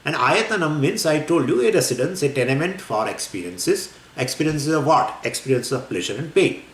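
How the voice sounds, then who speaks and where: Animated male teacher in an echoey room. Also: on the high side, fairly quick. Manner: lively, wandering explanation with frequent fillers and laughs. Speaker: spiritual teacher. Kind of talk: scripture lecture. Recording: echoey room with faint ambience.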